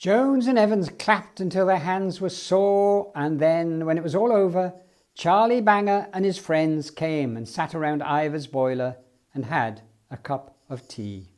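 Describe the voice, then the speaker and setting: A man reading a children's story aloud in an expressive, storytelling way. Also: a little high, a little slow. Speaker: storybook reader.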